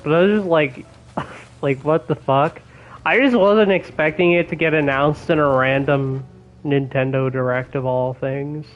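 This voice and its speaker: A young man chatting casually while streaming a game, excitable and swearing a lot, with laughs between his words. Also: fairly high pitch, unhurried, dull audio, soft background music. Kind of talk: casual gaming stream chat. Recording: faint background noise.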